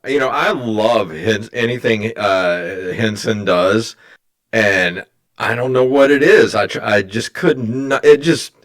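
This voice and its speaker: A man chatting as a podcast guest, candid and quick to laugh. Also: on the low side. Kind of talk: casual chat.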